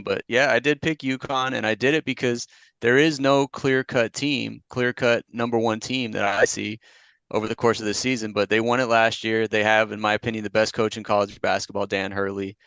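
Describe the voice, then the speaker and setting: A man's voice: lowish voice, fairly even intonation, fairly quick, a bit bright, dry recording. A man co-hosting a podcast, talking in a laid-back, plainspoken way in casual sports banter. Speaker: podcast co-host. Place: Long Beach.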